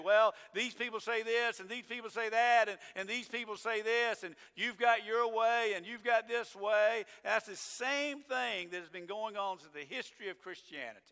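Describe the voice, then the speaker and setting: Middle-aged guy preaching, high bright voice, loud punchy lines then quiet asides, long church reverb. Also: clean tone. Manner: emphatic preaching, rising to loud declarations then dropping low. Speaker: pastor. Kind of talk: sermon. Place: church sanctuary.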